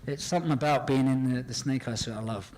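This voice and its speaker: A man answering fan questions at a convention panel, animated and excitable, often acting out scenes and laughing as he talks. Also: medium pitch, fast talker, a little hiss or hum. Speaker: actor guest at a fan panel. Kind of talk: casual panel Q and A.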